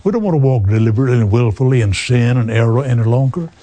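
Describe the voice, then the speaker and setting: A man in his eighties preaching a sermon, slow and earnest, often calling the listener "friend". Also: medium pitch, dark tone, no room sound. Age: 80s.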